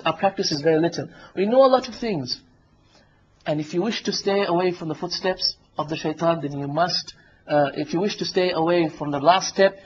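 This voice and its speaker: A man with a high voice preaches a sermon, repeating his key lines for emphasis and telling vivid stories. The recording is dull and lo-fi, like an old lecture tape. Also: a little hiss or hum.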